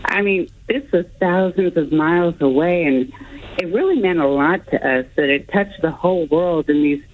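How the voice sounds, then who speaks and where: A woman's voice: fairly low pitch, moderate pace. A woman with an American accent calling in to a radio show, telling a story earnestly. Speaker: caller. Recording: tinny phone line.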